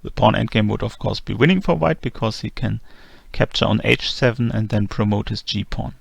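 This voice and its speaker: A man teaching a chess endgame lesson in a calm, methodical voice-over, walking through the moves one by one. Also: on the low side, a little fast, gravelly, husky, no echo. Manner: methodical, calm move-by-move explanation. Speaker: chess instructor. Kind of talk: explanatory chess lesson narration.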